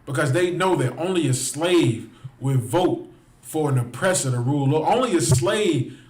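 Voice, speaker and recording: A man's voice: on the high side, moderate pace, darkish tone, reverberant. A man preaching with heated passion, repeating his phrases and speaking straight to his listeners. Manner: impassioned, repeats phrases, addresses listeners directly. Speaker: street preacher.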